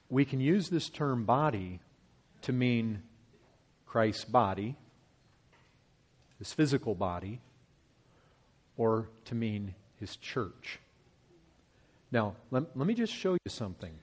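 A man preaching a sermon, working through scripture verse by verse. He swings from loud, pressing emphasis to hushed, slowed lines. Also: medium pitch, big pitch swings, husky.

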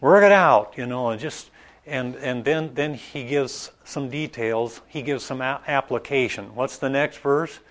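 A man preaching an informal Bible study in a conversational, halting way, with many restarts and asides. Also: medium pitch, fairly even intonation. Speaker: pastor.

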